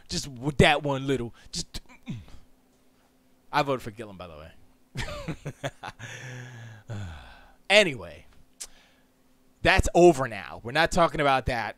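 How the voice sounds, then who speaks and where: A man hosting a casual solo podcast, talking in an animated, rambling, jokey way full of quick asides. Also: mid-range voice, no room sound. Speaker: podcast host. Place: Florida. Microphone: close studio mic.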